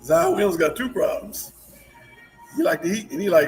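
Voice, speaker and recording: A man co-hosting a sports talk show, with rambling, halting speech full of repeated words and restarts. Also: high-pitched, a little mellow, soft background music, poor audio. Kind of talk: casual sports chat.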